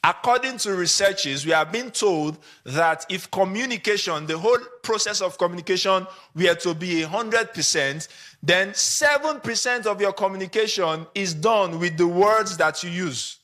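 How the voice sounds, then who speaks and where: A man with a Nigerian accent giving a conference talk to photographers, animated and acting out short examples as he speaks. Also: sits high, moderate pace.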